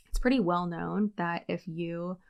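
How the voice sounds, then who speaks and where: A woman's voice: fairly low pitch, takes it slowly, creaky, fairly bright tone, smooth. A woman hosting a reaction video, giving sarcastic, exasperated commentary with a mocking edge.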